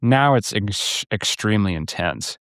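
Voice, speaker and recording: Reflective low-voiced man hosting. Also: animated, unhurried, fairly bright tone, no room sound, clean studio sound. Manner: reflective and affirming, frequent agreement sounds. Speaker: podcast host, recovery coach. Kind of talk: casual podcast conversation.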